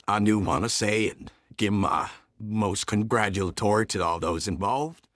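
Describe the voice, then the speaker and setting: A man in a dubbing team giving a measured, slightly formal channel update announcement. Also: on the low side, fairly bright tone, no echo, clean studio sound. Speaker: dub team organizer.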